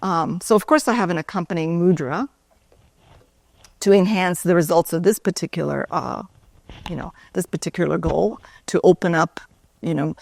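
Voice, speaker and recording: Low, gravelly woman telling stories. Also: dry recording. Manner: conversational, tags sentences with "right?". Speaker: conference speaker, former yoga and Pilates instructor. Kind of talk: storytelling talk.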